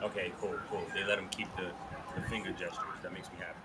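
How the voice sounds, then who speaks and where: A man co-hosting a casual wrestling watch-along, excitable and joking, giving shout-outs. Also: low voice, quick pace, very noisy. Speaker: podcast co-host.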